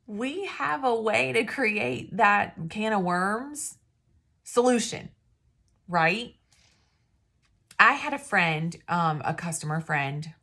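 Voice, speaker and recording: A woman's voice: mid-range voice, animated, slow, pauses often, bright, forceful tone. A woman giving casual, rambling sales advice, often losing her train of thought. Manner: rambling, chatty, self-interrupting. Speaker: independent sales consultant. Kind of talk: casual talking-to-camera advice.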